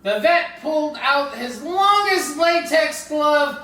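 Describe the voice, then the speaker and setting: A woman's voice: high voice, expressive, slow, fairly bright tone. A woman hosting a children's program, reading a story and leading a cooking demo in a playful, sing-song way that speaks straight to the kids. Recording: roomy, distant mic with music behind.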